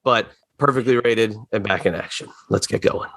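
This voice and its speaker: A man's voice: lowish voice, moderate pace, a bit bright, dry recording. A man hosting a comedy podcast, introducing his co-hosts in a hyped, announcer-like way. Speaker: podcast host.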